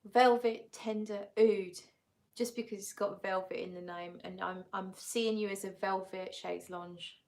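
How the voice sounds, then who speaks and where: Woman doing a chill live stream, reading out chat, talks slow, sounds a bit tired. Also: mid-range voice. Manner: chatty, reads out viewer comments and greets them; frequent laughs and fillers, easygoing. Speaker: fragrance channel host.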